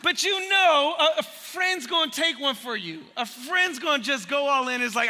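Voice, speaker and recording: A man preaching a sermon as pastor, conversational and humorous, an animated storyteller who acts out voices, recorded live in a church sanctuary. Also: very high voice, moderate pace. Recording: long church hall reverb from a live sermon.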